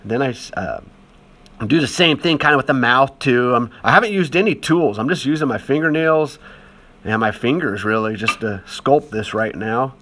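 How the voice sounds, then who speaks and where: A man's voice: mid-range voice, expressive, moderate pace, fairly bright tone, slight background noise. Male art teacher with a mid-range voice, chatty, easygoing voice-over. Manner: chatty and encouraging, lots of fillers. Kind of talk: casual voice-over demonstration.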